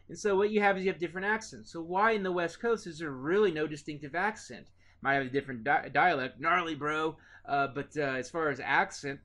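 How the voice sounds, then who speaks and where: A man's voice: fairly high pitch, a bit bright. An American man giving a casual recorded geography lecture, with many fillers and restarts. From United States. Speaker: teacher.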